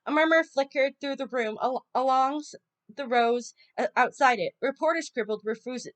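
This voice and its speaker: An audiobook reader with a high-sitting voice reads a children's novel aloud at a normal speed. Her reading is casual, and she often stumbles and corrects herself.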